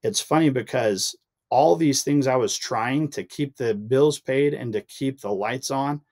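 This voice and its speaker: Speaking at medium pitch with a darkish tone and an unhurried pace, a young man shares an emotional personal story as a podcast guest. He's earnest throughout, and his voice climbs when he remembers what frustrated him.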